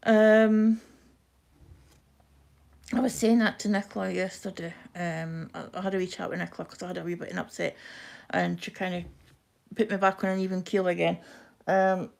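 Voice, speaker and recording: A woman with a broad Scottish accent chatting quickly and casually to viewers on a live craft stream while she stitches. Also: medium pitch, steady tone, creaky, a little mellow. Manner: quick-talking, chatty, self-deprecating. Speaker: craft livestream host.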